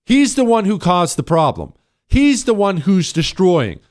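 Emphatic talk radio man, fairly high. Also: big pitch swings, unhurried, a little mellow. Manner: emphatic, repetitive, rising to sudden high peaks.

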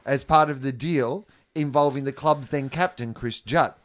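A man's voice: medium pitch, moderate pace, a bit bright. A man co-hosting a casual chat podcast, reading web text aloud and breaking off with joking asides. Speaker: podcast co-host.

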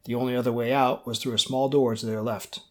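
Steady male audiobook narrator. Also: medium pitch, quick pace. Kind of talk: scripted narration.

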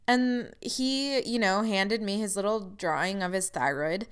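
A woman's voice: medium pitch, unhurried, few pauses, clear, resonant tone. A woman telling a personal story in a candid, frustrated way, with wry asides.

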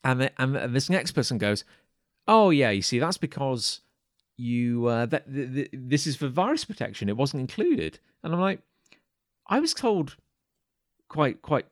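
Male podcast co-host, lively storyteller with a very animated pitch, dry close sound, stammers and restarts as he goes. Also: moderate pace, no room sound. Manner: rambling anecdote with stammered restarts and acted quotes. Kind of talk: casual chat, storytelling.

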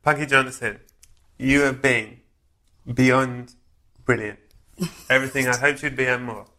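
A man hosting a podcast interview, playfully spinning a long, dark comic story for his guest. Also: mid-range voice, steady tone, unhurried. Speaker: podcast host. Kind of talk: casual interview chat.

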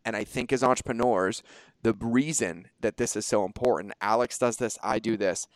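A man hosting a podcast in casual conversation, energetic and animated, swearing freely and acting out quoted exchanges. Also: on the low side, normal speed, dry recording. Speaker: podcast host.

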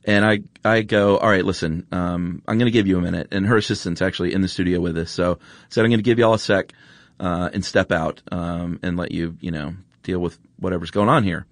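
A man hosting a podcast, telling a story in a relaxed, rambling way with lots of fillers, then chatting casually. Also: deep voice, brisk, no echo, clean studio sound. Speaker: podcast host.

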